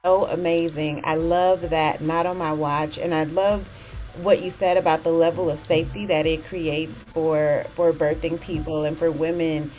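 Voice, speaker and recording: A woman hosting an interview with a low voice and plenty of enthusiasm. She praises her guest freely, and faint music sits under her speech. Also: flat delivery, moderate pace, darkish tone, poor audio. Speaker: physician podcast host.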